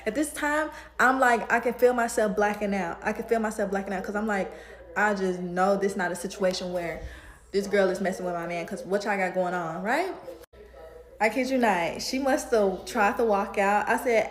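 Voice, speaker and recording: A woman who does hair from home, telling an animated storytime to camera. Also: medium pitch, moderate pace, reverberant. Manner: animated, builds to heated retelling. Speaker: home-based hairstylist.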